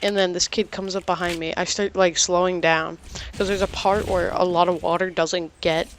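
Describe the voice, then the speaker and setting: A man's voice: high-pitched, flat delivery, fairly bright tone, slight background noise. Rambling teenage boy telling a story. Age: teens. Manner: rambling, halting, full of restarts and "like". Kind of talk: casual storytime narration.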